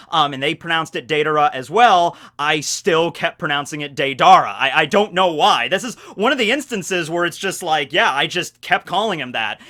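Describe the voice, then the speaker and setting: Bright-voiced animated young man. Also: a little high. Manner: animated, rambling, self-mocking with quick laughs. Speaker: anime discussion youtuber. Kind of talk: casual video commentary.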